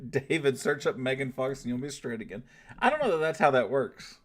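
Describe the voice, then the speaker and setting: Chatting on a livestream at a moderate pace, a man from the United States responds to his chat in a mid-range voice with big pitch swings. He curses freely, laughs a lot and pokes fun at his viewers.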